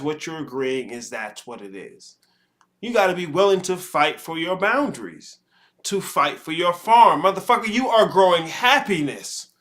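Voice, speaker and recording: A man's voice: fairly high pitch, a bit bright. A man hosting a commentary show, lecturing in a profane way and leaning on analogies. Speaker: show host. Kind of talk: reaction commentary.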